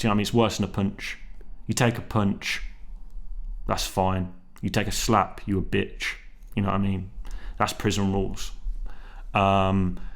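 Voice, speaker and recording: A young man talking casually to camera, rambling and slangy, with lots of restarts and swearing. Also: medium pitch. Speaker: vlogger. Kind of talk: casual solo vlog chat.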